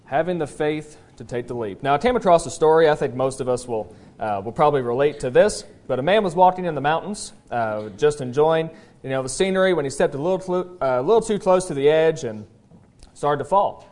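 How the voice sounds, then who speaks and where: A man in the pulpit delivers a sermon with a somewhat high-set voice. He talks in a folksy, conversational way, stopping often on "uh" as he gathers his thoughts, then leans into his points earnestly. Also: expressive, a little mellow. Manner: folksy, conversational preaching with frequent "uh" pauses; tells a joke story then presses the point earnestly. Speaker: pastor. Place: church service.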